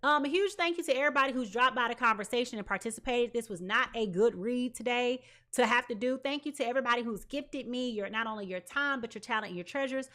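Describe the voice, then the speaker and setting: Bright-voiced chatty woman tarot reader. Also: fairly high pitch, fast, hardly any pauses. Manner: chatty and slangy, addresses viewers as y'all and child; animated, swings between loud and soft. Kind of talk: live tarot reading monologue.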